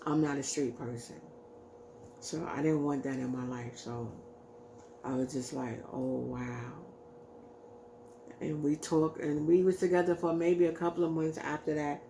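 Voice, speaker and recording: A woman's voice: deep voice, fairly even intonation, moderate pace, dark tone, slight background noise. A woman vlogger casually telling a personal story, rambling with lots of fillers and acting out what people said. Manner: rambling, heavy use of "like" and "you know"; acts out quoted lines in her retelling.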